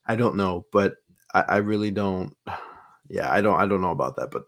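A man's voice: deep voice, normal speed, a bit bright. A man co-hosting a podcast in casual chat, earnest and hesitant, stumbling over his words. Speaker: podcast co-host.

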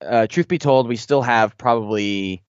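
A man's voice: mid-range voice, normal speed, clean tone, dry recording, dull audio. A man in his thirties, a podcast co-host, chatting casually and telling rambling parenting stories with many restarts. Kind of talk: casual chat.

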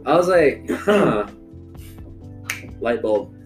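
A man's voice: medium pitch, normal speed, soft background music. A young man in casual chat, telling a loose, profane story among friends.

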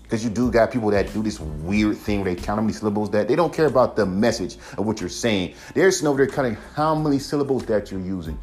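A man's voice: on the low side, animated, fast talker, hardly any pauses, a little mellow. A man hosting a solo podcast, ranting in a heated, profane way and mocking critics. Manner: profane, heated, mocks critics in put-on voices. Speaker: podcast host.

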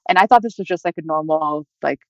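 A young woman tells her own story as an interview guest, speaking quickly and filling her sentences with casual fillers. The recording is dull and lo-fi, with a dry sound and no room echo. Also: low-pitched. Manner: chatty, many fillers like "like" and "you know". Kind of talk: personal storytelling.

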